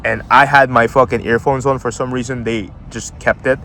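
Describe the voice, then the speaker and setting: A man's voice: mid-range voice, steady tone, normal speed, pushed and bright, slight background noise. A young man casually telling a story, swearing a lot and using slang, laughing as he goes. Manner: profane, slangy, laughs often while telling.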